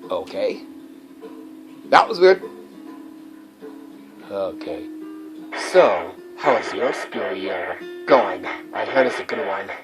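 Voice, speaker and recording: A man's voice: fairly low pitch, animated, slow pace, long pauses, over music, pitched below the performer's own voice, low-quality recording. A man speaking through a toy voice changer, teasing the viewer with a disguised voice from a broken headset. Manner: teasing, playing a trick on the viewer.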